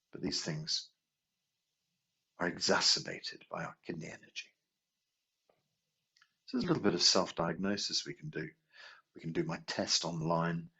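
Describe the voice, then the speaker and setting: A man teaching a healing class in a relaxed, anecdotal way, asking rhetorical questions as he goes. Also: vocal fry, slightly rough. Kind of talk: conversational teaching talk. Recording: dull low-quality video sound.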